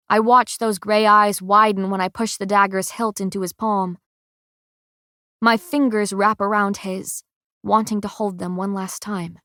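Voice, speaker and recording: A woman reads a first-person audiobook in an unhurried, deliberate way, with feeling behind each line. Her voice sits at a middle pitch. The recording is close and dry, with no room sound. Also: pushed and bright, dry recording. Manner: measured, emotional narration. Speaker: audiobook narrator.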